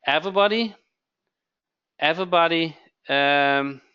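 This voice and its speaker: A man hosting a live webinar sales pitch, who keeps asking "okay?" and repeats his phrases. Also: measured pace, bright, forceful tone, clear, resonant tone, muffled recording. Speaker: webinar host.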